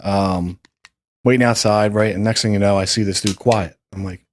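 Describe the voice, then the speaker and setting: A man's voice: on the low side, steady tone, normal speed, a little hiss or hum. A man hosting a podcast, telling a story in a loose, rambling way and swearing freely. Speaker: podcast host. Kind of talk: casual storytelling chat.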